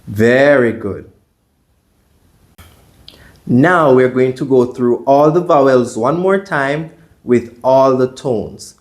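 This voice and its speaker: A man leading a pronunciation drill at a very slow, deliberate pace. His voice sits at an ordinary middle pitch, and he speaks as a patient teacher asking learners to repeat after him. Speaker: language teacher.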